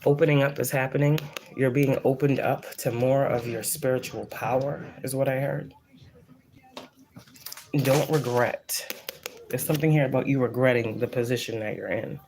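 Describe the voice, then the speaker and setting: A woman's voice: very deep voice, fairly even intonation, moderate pace, darkish tone, slight background noise. A woman giving a casual psychic reading, blunt and profane, who repeats phrases for emphasis. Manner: blunt and profane, rambling, preachy. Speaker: psychic reader. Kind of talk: casual channeled spiritual reading.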